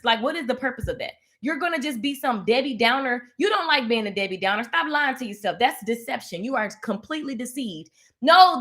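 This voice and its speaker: A woman's voice: sits high, sharp tone. A woman hosting a motivational livestream, sassy and preachy, repeating lines for emphasis. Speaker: livestream host.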